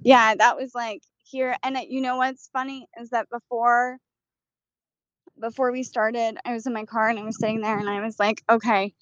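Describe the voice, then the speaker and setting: A woman co-hosting a podcast, talking casually in quick, fragmented bursts. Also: a little high, little pitch movement, fairly bright tone, no echo. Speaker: podcast co-host. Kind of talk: casual chat. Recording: dull, dry, lo-fi sound.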